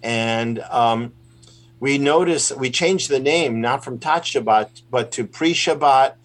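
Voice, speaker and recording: Rambling rabbi chatting on a call. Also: male voice, medium pitch, takes it slowly. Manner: rambling, self-deprecating. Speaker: rabbi and puppeteer guest. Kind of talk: casual interview chat. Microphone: remote call.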